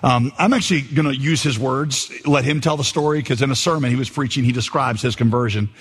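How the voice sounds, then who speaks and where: A pastor preaching a sermon in a conversational way, reading a quoted story aloud. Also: male voice, medium pitch, a little fast, breathy edge. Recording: long hall reverb.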